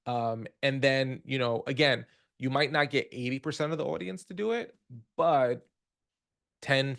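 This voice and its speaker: A man's voice: mid-range voice, gravelly. A man hosting a webinar Q&A, explaining features in a casual, conversational way and walking through the steps one by one. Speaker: host of a product Q&A webinar.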